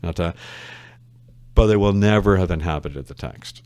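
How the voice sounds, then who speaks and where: A man's voice: sits low, normal speed, darkish tone, smooth, no echo. A man, an English literature professor speaking as a guest on a casual podcast interview, thoughtful and wry, wandering into side stories. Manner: thoughtful, wry, digressive explainer.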